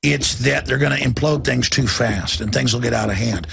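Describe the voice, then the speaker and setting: A middle-aged man with a heavily gravelly, husky voice delivers an impassioned talk-radio rant as host. He talks intensely and keeps slipping into acted-out voices. The sound is close and dry. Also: mid-range voice, normal speed, fairly bright tone, dry recording.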